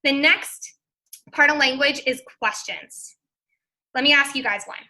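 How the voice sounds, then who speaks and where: A woman coach leading a live training seminar, talking quick and loud, close to yelling. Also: sits high. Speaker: life coach.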